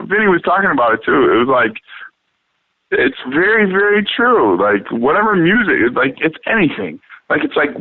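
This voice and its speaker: A man hosting a talk show in loose, profane casual chat, rambling and animated. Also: on the high side, no room sound. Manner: rambling, swears a lot, animated. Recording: dry, phone-like radio sound.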